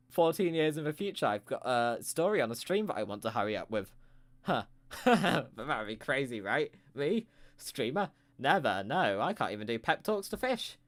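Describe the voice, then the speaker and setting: A man telling a rambling improvised comic story with playful, self-mocking asides. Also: medium pitch.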